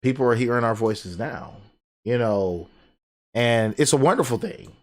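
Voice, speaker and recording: A man co-hosting a podcast in casual chat, animated and acting out little exchanges as he talks. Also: medium pitch, normal speed. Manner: animated, acts out quoted texts and arguments. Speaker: podcast co-host. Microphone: desk USB microphone.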